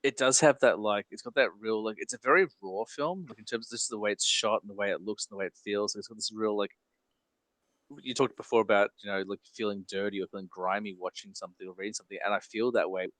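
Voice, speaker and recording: A man hosting a podcast, talking casually and rambling with lots of fillers and quick laughs. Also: on the low side, fairly even intonation, a bit bright, no echo. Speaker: podcast host. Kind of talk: casual chat.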